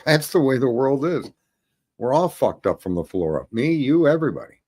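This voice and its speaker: Animated, profane storytelling man. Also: mid-range voice, moderate pace. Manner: profane, animated, laughing often. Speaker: host. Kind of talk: casual storytelling monologue.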